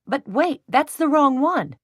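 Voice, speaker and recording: A woman's voice: medium pitch, lively intonation, moderate pace, no echo, studio quality, voice pushed up, close to an everyday voice. A woman voicing a prim, thrifty young woman who grows exasperated in a storybook.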